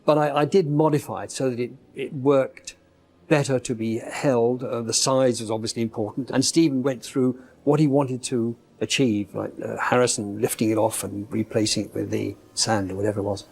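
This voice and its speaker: A man's voice: medium pitch, fairly even intonation, normal speed, gravelly, a little mellow. A man, a prop designer, explaining his work in a documentary interview, speaking measuredly with many hesitations.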